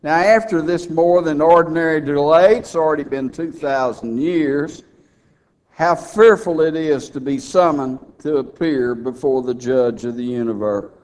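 A man preaching a radio sermon in a folksy, emphatic way, rising to loud fervent peaks. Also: fairly high pitch, a little slow.

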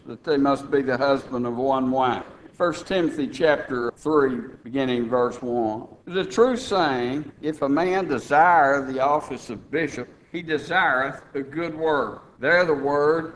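A middle-aged male preacher delivering a sermon, dropping to quiet asides and then building to loud, emphatic points. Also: fairly high pitch, a little hiss or hum, rough recording.

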